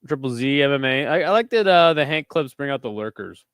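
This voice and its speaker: A man hosting a live watch-along of a kickboxing event. He talks casually and swears a lot, breaking into excited shouts at big moments. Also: medium pitch, brisk, smooth, dry recording, clean studio sound. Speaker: host.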